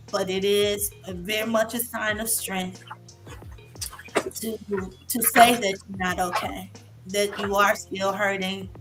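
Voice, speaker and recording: A woman in her fifties sharing an emotional personal story as a guest on a live show, halting and full of fillers. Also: mid-range voice, a bit bright. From Massachusetts. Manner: halting, many fillers and restarts. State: emotional, near tears. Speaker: guest speaker, licensed therapist.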